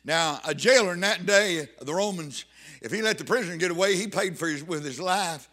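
A man's voice: sits high, a little fast, bright, forceful tone. A man preaching a sermon, fervent and emphatic, repeating phrases for weight. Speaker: pastor.

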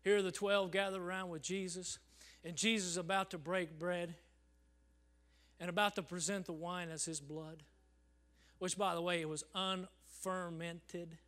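A man preaching a sermon in a church service, swinging from loud calls to hushed near-whispers and calling "Amen?" to the congregation. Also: high voice, level tone, unhurried. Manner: acts out congregants in quoted voices, asks the crowd "Amen?".

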